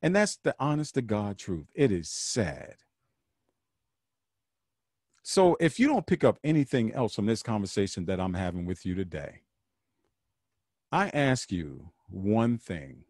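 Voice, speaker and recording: A man talks straight to his listeners in an earnest, preaching way, often repeating himself to drive a point home. His pitch swings widely as he speaks. The sound is dry and close, with no room around it. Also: very animated, measured pace, long pauses, a little mellow, no echo. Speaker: podcast host. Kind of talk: solo podcast monologue.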